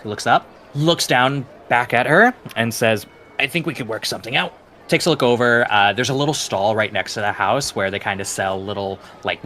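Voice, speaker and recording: A man running a tabletop game as dungeon master, narrating the scene in a relaxed way with many "uh" fillers. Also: on the low side, a little hiss or hum. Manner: laid-back, frequent "uh" fillers.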